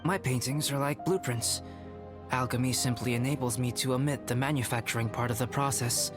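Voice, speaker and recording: A man voicing a calm, polite young alchemist in a video game, soft-spoken and measured. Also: medium pitch, music in the background, close to an everyday voice. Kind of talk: game voice acting.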